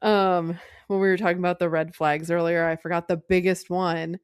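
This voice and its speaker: A woman's voice: fairly low pitch, flat delivery, normal speed, clean tone, dry recording, clean studio sound. A woman co-hosting a movie podcast, chatting casually and laughing often as she recounts scenes. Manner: giggly, quotes characters while laughing. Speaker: podcast co-host. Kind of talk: casual chat.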